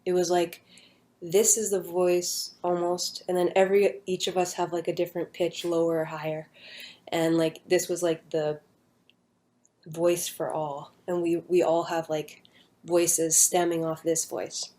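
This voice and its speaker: A young woman casually recounting a personal near-death story, rambling with many fillers and an earnest, hushed manner. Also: on the low side, flat delivery, a little slow.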